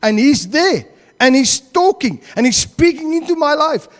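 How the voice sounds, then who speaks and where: A man's voice: extremely high pitch, measured pace, long reverb tail. A man with a South African accent preaching a sermon in a church, acting out the quotes he tells. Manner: animated, acts out quotes.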